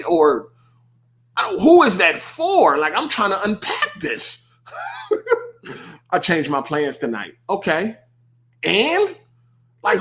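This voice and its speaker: A man hosting a podcast, ranting in casual speech with lots of swearing and mocking asides. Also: very high-pitched. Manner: animated, swearing, laughing, mocking quoted voices. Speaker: podcast host. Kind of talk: casual rant.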